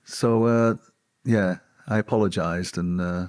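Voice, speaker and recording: A man with a fairly low voice tells stories from his bodyguard days in a relaxed interview. He speaks haltingly, circling back with fillers and restarts. The sound is dry and close. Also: no echo. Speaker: former royal bodyguard and author. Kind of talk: casual interview storytelling.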